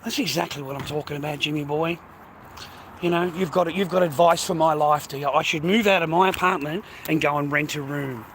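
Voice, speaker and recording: A man livestreaming, ranting angrily at his viewers, swearing a lot and repeating himself, sometimes dropping to a low quiet menace. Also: fairly even intonation, brisk, a little hiss or hum. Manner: swears constantly, repeats phrases, berates viewers; drops low and quiet when threatening. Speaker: livestreamer talking to his chat. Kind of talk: angry rant to chat.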